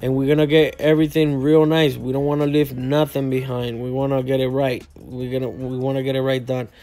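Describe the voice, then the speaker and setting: A man's voice: medium pitch, flat delivery, a little fast, warm tone. A tired man whose first language is Spanish, a barber who rambles and repeats himself while he explains a cut as he works. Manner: rambling, repeats words and says "you know what I mean". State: tired, yawning. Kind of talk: casual tutorial narration while working. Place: barbershop lounge.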